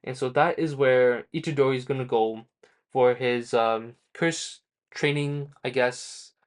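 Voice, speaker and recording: Male host recapping a comic chapter off the cuff, average pitch, loose and rambling with frequent self-corrections. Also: fairly even intonation, takes it slowly. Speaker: manga review channel host. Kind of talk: casual spoken chapter recap.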